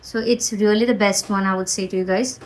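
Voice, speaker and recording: A woman's voice: mid-range voice, steady tone, a little fast, rough recording. A young woman with an Indian English accent, chatting casually to viewers in a home vlog while coaxing her toddler around the house and garden. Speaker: vlogger and mother.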